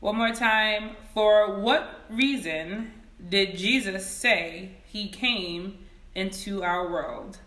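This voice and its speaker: A woman teaching Sunday school over a phone livestream. She speaks slowly with a bright, forceful tone and reads each question twice. The room around her sounds echoey. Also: mid-range voice. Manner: greets viewers by name, reads questions slowly and repeats them. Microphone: phone camera.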